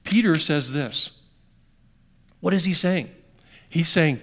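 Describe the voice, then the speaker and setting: A middle-aged man preaching a sermon conversationally, asking his congregation questions and swinging between emphatic bursts and quiet, slowed passages. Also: a little high, animated. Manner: conversational, asks the audience questions. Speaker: pastor.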